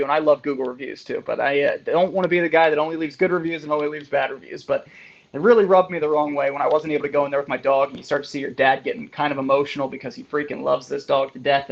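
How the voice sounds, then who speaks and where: A man's voice: medium pitch, vocal fry. A man, a chiropractor, giving a conversational motivational talk to fellow practitioners and often tagging his points with "right?". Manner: conversational, with frequent rhetorical "right?" tags. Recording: slightly muffled lo-fi audio.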